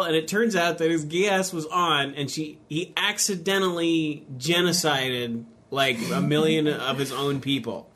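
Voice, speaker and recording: A man retelling an anime plot in a casual chat, animated and laughing. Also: a little high, measured pace, hardly any pauses, noisy background.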